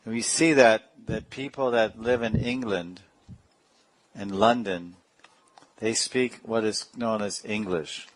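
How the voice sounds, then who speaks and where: On a rough recording, a man with a lowish voice speaks slowly while preaching as a spiritual teacher. He tells stories, laughs, and now and then playfully imitates how other people talk.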